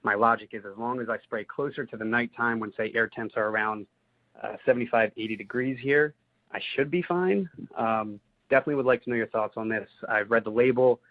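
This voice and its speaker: A man's voice: medium pitch, fairly even intonation, brisk. A man with a New Jersey accent calls in with a detailed, methodical question, using some "uh" fillers. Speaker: caller. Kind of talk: recorded listener question. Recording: tinny phone-line recording.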